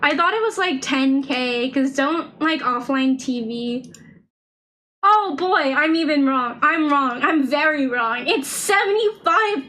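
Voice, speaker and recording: A woman's voice: high voice, measured pace, pushed and bright, rough recording. A young woman streaming a game, chatting casually and rambling with lots of fillers and restarts. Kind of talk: casual gameplay stream chat.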